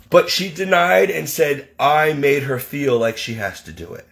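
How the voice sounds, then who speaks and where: A man's voice: a little high, lively intonation, measured pace, gravelly, hardly any pauses, a bit bright. A man venting as a caregiver in an indignant, exasperated monologue. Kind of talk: ranting monologue.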